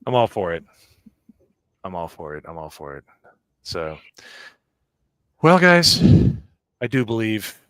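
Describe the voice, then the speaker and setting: A man's voice: lowish voice, a bit bright, no echo, studio quality. A man hosting a casual political talk show, joking and sarcastic with mock rants. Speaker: podcast host.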